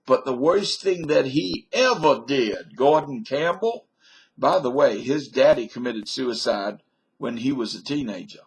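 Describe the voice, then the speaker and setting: Older man, husky voice, wandering folksy monologue on a webcam, wisecracks. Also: mid-range voice, animated, unhurried. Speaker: vlogger. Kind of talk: rambling monologue to camera.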